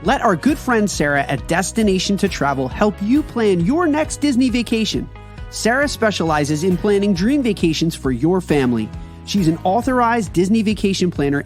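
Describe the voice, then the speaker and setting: A man reading a sponsor advertisement in an upbeat, salesy way. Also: sits high. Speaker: ad reader. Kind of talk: read sponsor ad.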